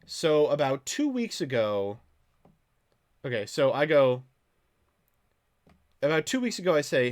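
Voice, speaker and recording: A man's voice: on the high side, measured pace, pauses often. Guy streaming from home, swears a lot, voice bounces all over when he tells stories. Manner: animated storytelling with profanity. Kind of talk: casual live-stream chat.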